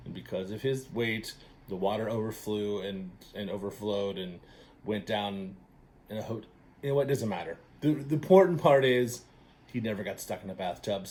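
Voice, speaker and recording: A man's voice: on the low side, a little mellow. Upbeat man hosting a casual trivia show. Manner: upbeat and encouraging, with many fillers and self-corrections. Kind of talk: casual chatty trivia quiz to camera.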